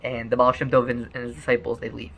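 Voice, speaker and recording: Male storyteller, animated, stammery restarts, gravelly tone. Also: mid-range voice, fast. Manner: animated, repeats words often.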